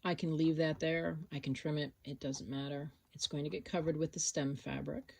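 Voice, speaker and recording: A woman teaching an embroidery project, relaxed and thinking aloud as she works step by step. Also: sits low, normal speed, creaky, breathy edge. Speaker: sewing instructor. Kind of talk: casual step-by-step tutorial.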